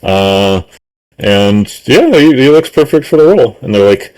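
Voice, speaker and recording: A man's voice: on the low side, slow, a little mellow, clean tone, poor audio. Laughing male game master. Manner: laughs often, many ums and uhs, puts on characters' voices. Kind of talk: narrating a tabletop game.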